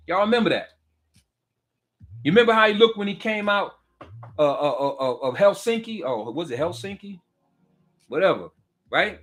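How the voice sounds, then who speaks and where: A middle-aged man rants about politics in a high voice that swings widely. He sounds fired up and preachy, circling back on his points and firing questions straight at his listener. It is a lively, animated delivery from start to finish. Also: moderate pace, pauses often. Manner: fiery, preachy, repeats himself, asks the listener direct questions. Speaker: political commentator. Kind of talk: heated political rant.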